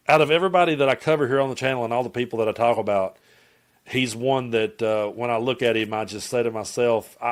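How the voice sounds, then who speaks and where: Brief: middle-aged Appalachian man, blunt, rambling, profane political vlogger. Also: medium pitch. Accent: Southern US, Appalachian. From Tennessee, US. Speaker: political commentator. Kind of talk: casual political commentary vlog.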